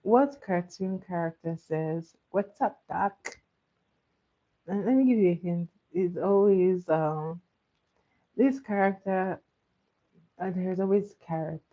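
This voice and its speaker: A young woman hosting a casual cartoon trivia quiz, who laughs often and repeats her questions slowly. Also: fairly low pitch, narrow, tinny audio. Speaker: quiz host.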